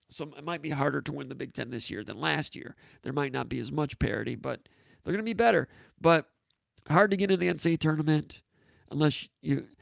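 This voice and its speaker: A man hosting a live sports talk show, chatting casually and offhand while answering viewer comments, his voice going hoarse. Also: on the high side, no room sound. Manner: rambling, offhand, with frequent fillers and asides.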